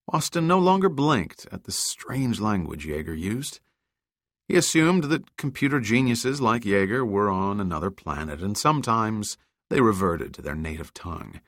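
Delivering scripted narration for an audiobook, a man reads steadily and with measure in a somewhat low voice. There's no echo, just clean studio audio.

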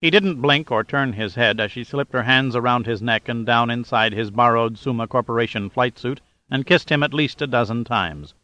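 A man narrating a thriller audiobook in a steady dramatic reading. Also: mid-range voice, moderate pace, hardly any pauses, no room sound. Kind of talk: scripted narration.

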